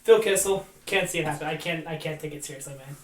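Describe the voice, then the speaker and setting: A man co-hosting a casual hockey podcast, talking animatedly and breaking into laughter and loud gruff impressions. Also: fairly high pitch, quick pace, echoey room. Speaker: podcast co-host.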